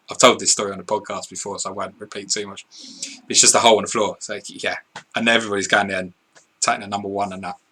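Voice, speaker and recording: A lowish, bright, husky male voice with a forceful tone answers viewer questions he reads aloud while co-hosting a live stream. He's blunt and sweary, chats casually and laughs readily.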